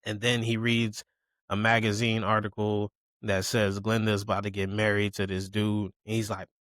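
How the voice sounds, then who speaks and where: A man's voice: fairly low pitch, normal speed, dry recording, studio quality. A man chatting casually on a podcast, retelling a story with acted quotes and lots of swearing. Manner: animated storyteller who acts out quotes, swears freely.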